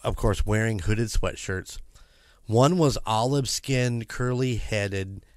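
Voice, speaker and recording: A man with a fairly low voice reads a creepy story aloud, breaking off now and then for loose, chatty asides. The recording is dry and close, with no room sound. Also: slow, darkish tone, no room sound. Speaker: podcast co-host reading a story. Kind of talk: casual podcast storytelling.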